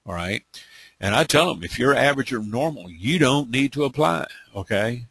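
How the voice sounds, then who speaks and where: A man's voice: mid-range voice, lively intonation, moderate pace, creaky, a bit bright, breathy edge, no echo. A man giving a live webinar training, blunt and emphatic, speaking in bursts and checking in with frequent "okay?". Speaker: online business trainer.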